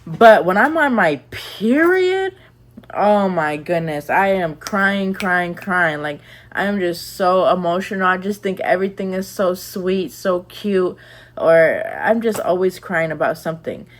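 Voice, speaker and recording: Young woman vlogger, low-ish voice, candid and chatty, loose rambling delivery. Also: lively intonation, measured pace. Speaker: lifestyle vlogger. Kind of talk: casual advice chat.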